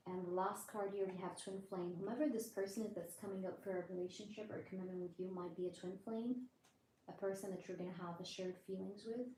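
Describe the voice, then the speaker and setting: A woman giving a live tarot reading, talking straight to her viewers in a chatty, reassuring way and keeping her voice low late at night. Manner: keeps voice low, drops to a whisper at times. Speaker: tarot reader. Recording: roomy echo, faint background noise.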